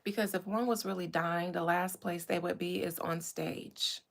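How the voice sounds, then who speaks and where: A woman giving a casual live-stream tarot reading, chatty and quick to turn aside to her viewers. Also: lowish voice, fairly even intonation, creaky. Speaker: tarot reader.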